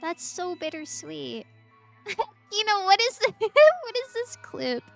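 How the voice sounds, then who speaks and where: A woman's voice: very high-pitched, sing-song, slow, vocal fry, fairly bright tone. A woman streaming a video game who chats emotionally and giggles often. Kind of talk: let's play commentary. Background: faint game music.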